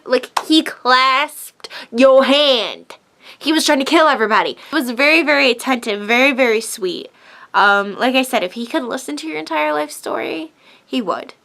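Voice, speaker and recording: High-voiced gushing woman vlogger. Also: fairly bright tone. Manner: gushing, chatty, laughs often. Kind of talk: casual personal storytelling.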